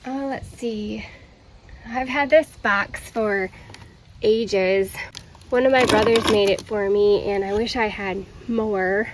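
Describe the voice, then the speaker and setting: A woman with a mid-range voice narrates a casual vlog outdoors, speaking to viewers with enthusiasm about her plants and the decorations on her deck and porch. She speaks slowly with fairly even intonation, and the poor audio has a little hiss or hum.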